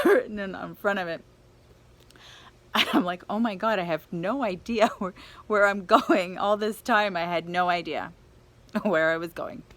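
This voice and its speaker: A woman's voice: mid-range voice, a bit bright. A woman telling a personal travel story, laughing often and acting out the people she quotes.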